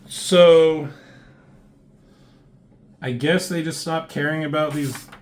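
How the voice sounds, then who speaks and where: A man's voice: fairly high pitch, steady tone, slow pace, darkish tone, slight background noise. A man casually talking through comic book pages, rambling and swearing, with lots of fillers and restarts.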